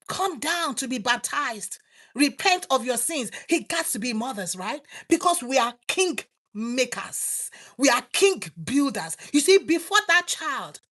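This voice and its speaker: High-voiced Nigerian woman preaching. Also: a bit bright. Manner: exhorting, rising and falling emphasis. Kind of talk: sermon.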